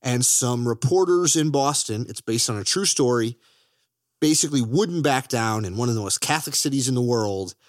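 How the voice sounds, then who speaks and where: A podcast co-host with a medium-pitched, expressive voice chats enthusiastically about films at a moderate pace, joking and swearing in this casual film talk. The audio is studio quality with no echo.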